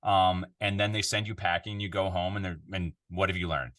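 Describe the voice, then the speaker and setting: Low-voiced Canadian man, chatty. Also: a little fast. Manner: animated, conversational, lots of fillers. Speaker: voiceover artist guest. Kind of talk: casual interview chat. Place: home control room in a city apartment.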